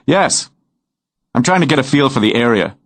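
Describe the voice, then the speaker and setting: A man doing a wry american writer, American accent, pitched a little up, curious. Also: lively intonation, normal speed, natural voice.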